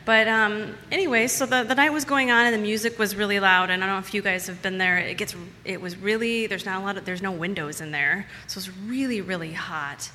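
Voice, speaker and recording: A woman's voice: medium pitch, fairly quick, few pauses, bright, forceful tone, long reverb tail, a little hiss or hum. A woman telling a personal story to a live audience in a casual, chatty way, repeating words for emphasis.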